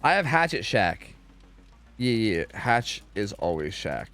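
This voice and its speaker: At home streaming a game, a young man with a lowish voice speaks at a measured pace. His chatter with viewers is loose and full of swearing, and he rants animatedly straight at the chat.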